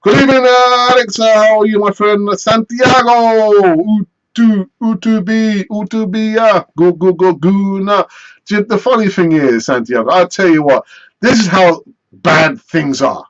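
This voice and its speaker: A man hosting a live football fan stream, chatty and animated as he answers viewer messages. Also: sits high, unhurried, lo-fi sound. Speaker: football fan channel host.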